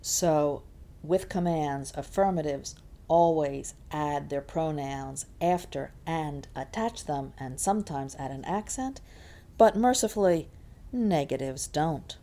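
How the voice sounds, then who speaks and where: Female language teacher, unhurried lesson delivery, low warm voice, patient and repetitive. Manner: patient, repeats words slowly to model stress. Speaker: Spanish teacher. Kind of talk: classroom lesson explanation.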